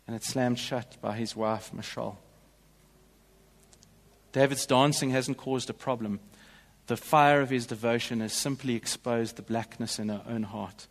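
A man's voice: medium pitch, steady tone, a little slow, in a large hall. A male pastor delivering a sermon in a church, in an earnest, emphatic way.

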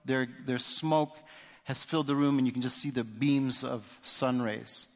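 A man's voice: mid-range voice, fairly even intonation, unhurried. A man sharing a personal testimony as a guest speaker in church, telling the story vividly and acting out the voices of the people in it. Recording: echoey hall reverb.

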